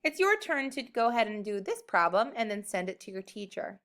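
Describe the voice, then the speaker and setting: A woman teacher giving a recorded math lesson to young children, upbeat and encouraging, speaking slowly and clearly. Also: mid-range voice, big pitch swings, fairly bright tone.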